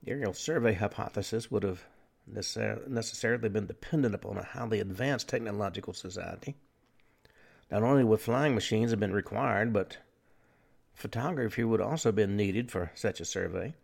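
A man hosting a talk radio show, delivering a lecturing monologue with frequent pauses and fillers. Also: on the low side, vocal fry, a little mellow.

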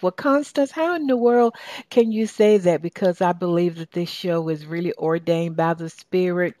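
A woman's voice: on the low side, dry recording. Upbeat Southern woman hosting radio. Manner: enthusiastic, lively, with frequent fillers. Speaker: talk radio host and success coach. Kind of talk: upbeat radio show monologue.

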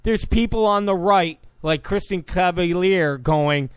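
A man's voice: high voice, unhurried, clear, resonant tone, dry recording. A man giving opinionated political talk commentary, combative and sarcastic toward his opponents. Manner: combative, mocks opponents in quoted voices.

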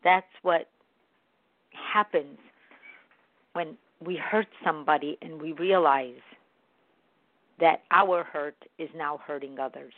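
A self-help speaker giving a reflective spoken monologue in an earnest, gently coaching manner. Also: medium pitch, slow pace, long pauses, dry recording. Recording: tinny phone-like dry recording.

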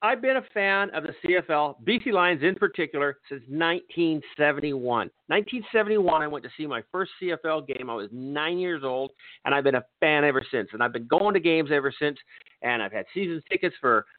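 An older man with a high voice rants with profane, exasperated frustration as a podcast host. His voice comes through dry and tinny, like a phone call. He swears freely and sounds fed up. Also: lively intonation, brisk, no echo. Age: 60s. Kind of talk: angry sports rant.

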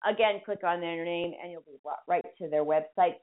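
A woman's voice: on the low side, fairly quick, few pauses. Chatty woman radio host, tinny sound. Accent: Boston. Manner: chatty, self-mocking, spells names aloud. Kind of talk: casual radio presenting.

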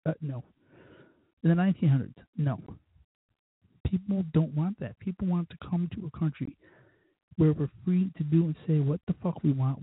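A man's voice: fairly high pitch, breathy edge, no echo. A man hosting his own talk show, ranting heatedly about politics and cursing freely. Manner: heated, cursing, mocks others in put-on voices. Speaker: show host. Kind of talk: profane political rant. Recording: dry, tinny phone-like sound.

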